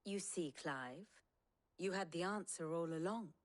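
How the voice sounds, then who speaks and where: A woman's voice: fairly low pitch, natural voice. Vivian, a wry learned advisor, voiced by a woman. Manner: measured, wry, explanatory. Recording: game music behind.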